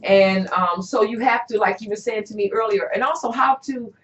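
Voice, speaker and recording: A woman hosting a casual interview as an herbalist, talking in a relaxed, drawn-out way with many fillers. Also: medium pitch. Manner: relaxed, drawn-out, with frequent "you know" and "um". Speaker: herbalist host. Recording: roomy, dull-sounding recording.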